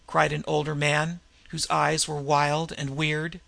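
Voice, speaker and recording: A man narrating fantasy fiction in a measured dramatic reading, slowing on vivid passages. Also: a little high, flat delivery, vocal fry, sharp tone, no echo.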